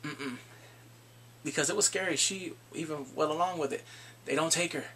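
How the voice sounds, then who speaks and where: A man giving a casual recap of drama episodes. He talks in an animated way, acts out the characters and laughs often. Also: fairly high pitch, normal speed, slight background noise. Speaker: drama reviewer.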